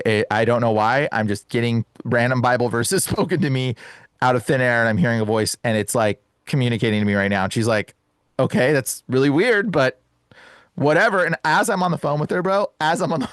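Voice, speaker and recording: A young man telling an excited personal story as a podcast guest, laughing often and calling the host bro and dude. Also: medium pitch, a little fast, no room sound.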